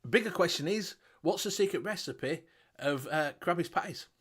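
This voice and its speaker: A man's voice: on the high side, lively intonation, moderate pace, fairly bright tone, husky. Exasperated swearing British man hosting. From United Kingdom. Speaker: host. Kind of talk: casual chat.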